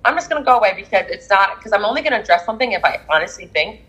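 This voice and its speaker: A husky-voiced woman talks quickly into a podcast mic. She tells stories with animated, venting energy in a casual back-and-forth chat. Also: mid-range voice, dull audio.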